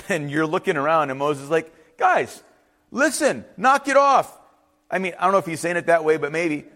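A man preaching a sermon, animated and conversational, acting out the people he quotes with quick asides. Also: a little high. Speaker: pastor.

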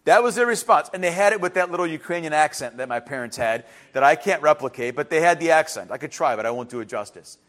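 High-voiced male pastor preaching lively. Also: quick pace, hardly any pauses. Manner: lively preaching, swinging between loud emphasis and quiet asides. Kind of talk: sermon.

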